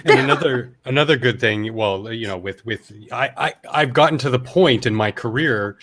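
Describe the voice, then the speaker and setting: A man who works as a professional chef, chatting casually over a video call in a halting, rambling way. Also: mid-range voice, fairly bright tone. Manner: hesitant, rambling with restarts. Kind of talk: casual chat.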